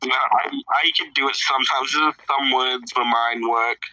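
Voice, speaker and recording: A man's voice: mid-range voice, steady tone, pushed and bright, dry recording, recorded from a distance, poor audio. A man in a casual role-play who plays a teacher and jokes crudely, often laughing. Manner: crude, joking, quick to laugh. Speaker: player acting as teacher.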